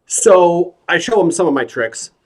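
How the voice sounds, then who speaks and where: A man from New York telling a stand-up story in a hesitant, deadpan way over a video call. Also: high voice, a little slow. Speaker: stand-up comedian. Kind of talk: stand-up comedy set.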